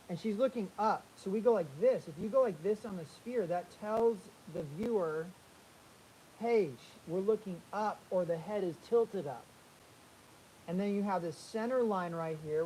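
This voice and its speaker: With a voice on the high side, this art instructor talks his way through a figure drawing demo, lively and repetitive as he sketches. The audio is poor, with a faint hiss throughout.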